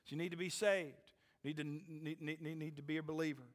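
A middle-aged man preaching a sermon as pastor, swinging from loud rising questions to hushed lines and checking in with "okay?" and "amen?". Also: a little high, fairly even intonation, fast, big-room sound. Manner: repeats "okay?" and "amen?" to the congregation.

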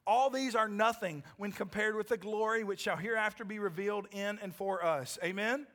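A pastor with a high-pitched male voice preaching a sermon with fervor. He punctuates his points with calls to the congregation and presses hard on them. He speaks. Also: normal speed. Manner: emphatic preaching with frequent "amen?" calls, dropping to a hushed altar call.

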